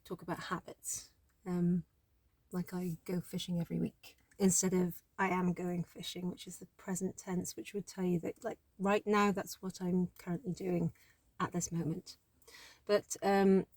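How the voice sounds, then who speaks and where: A woman's voice: fairly low pitch, darkish tone, no room sound. A woman language teacher giving a casual lesson, explaining step by step in a chatty way with apologetic asides.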